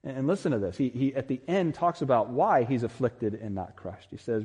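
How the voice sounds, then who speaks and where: A male pastor delivers an earnest, emphatic sermon that climbs to strong peaks. His voice is mellow and slightly husky at a mid pitch. A long reverb from a large hall follows each phrase. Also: expressive, a little fast, hardly any pauses.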